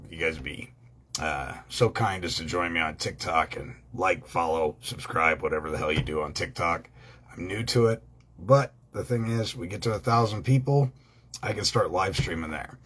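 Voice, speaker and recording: A man's voice: deep voice, a bit bright, slightly rough. A man talking casually to his viewers, rambling with many ums and uhs, blunt and with the odd swear word. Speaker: online law educator.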